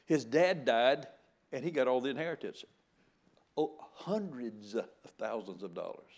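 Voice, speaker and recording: A man's voice: medium pitch, expressive, a little slow, a little mellow. An older man giving a sermon as a guest preacher. He jokes in a folksy way and often stammers into restarts.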